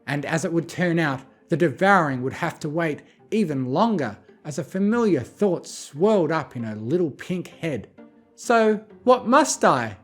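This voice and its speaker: A narrator reading romantic fanfiction aloud as a bedtime story, calmly and expressively. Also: mid-range voice, moderate pace, hardly any pauses, faint music behind. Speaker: fanfiction reader.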